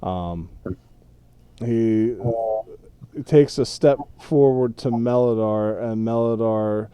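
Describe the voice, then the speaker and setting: A man narrating a tabletop role-playing game as game master, describing scenes in an unhurried way with pauses. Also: mid-range voice, mellow, smooth, no room sound. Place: home setup, streamed.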